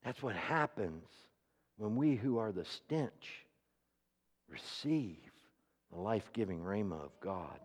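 A man preaching a sermon, asking the congregation rhetorical questions and swinging between hushed, near-whispered passages and loud, ringing declarations. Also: expressive, takes it slowly, pauses often, breathy edge. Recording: reverberant hall, dull low-fidelity sound.

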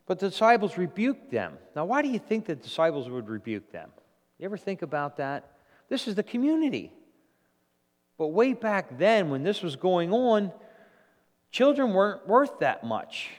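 In a church, a male pastor preaches an animated sermon at a normal pace, his slightly high voice swinging widely in pitch. He keeps restarting phrases as he builds his point, and a long reverb follows his words through the sanctuary.

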